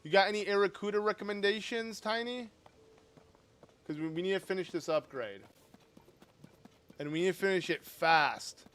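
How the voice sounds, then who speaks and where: A man streaming a game live, chatting casually with his viewers in an excitable, talkative way and laughing often. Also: high-pitched, normal speed, long pauses.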